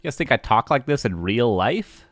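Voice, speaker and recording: A man's voice: mid-range voice, very animated, normal speed, no room sound. A man with a West Coast Canadian accent casting a live strategy game match, joking with chat and laughing often between calls. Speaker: esports caster.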